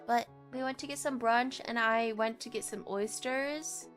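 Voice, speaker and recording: Female streamer, young adult; bright, high-ish, giggly, rambling casual chat. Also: steady tone, a little slow, faint music behind.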